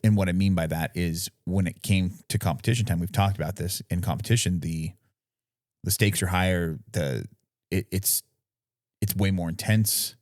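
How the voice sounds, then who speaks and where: A man with a fairly low voice co-hosting a casual podcast chat, recorded close and dry with no room sound. He explains things at length, searching for the right words as he goes and checking in with "you know what I mean". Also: moderate pace, darkish tone, dry recording. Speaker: podcast co-host.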